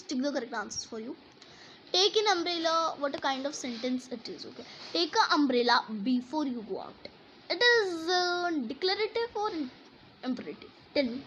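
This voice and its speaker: A woman's voice: high-pitched, fairly bright tone, muffled recording, a little hiss or hum. A woman teaching a grammar lesson, explaining and reading example sentences aloud with emphasis.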